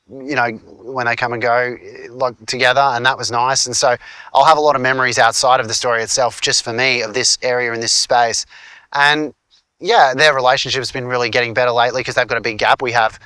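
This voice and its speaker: A man's voice: mid-range voice, pushed and bright, smooth, no room sound. A man in his forties with an Australian accent, a filmmaker and teacher chatting in a casual vlog, rambling with lots of fillers and restarts. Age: 40s.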